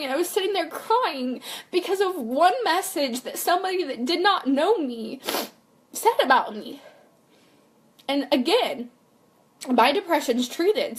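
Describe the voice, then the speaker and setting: A young woman and mother talking candidly in a personal vlog, earnest and rambling, full of fillers and "like". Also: high-pitched. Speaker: vlogger and mother.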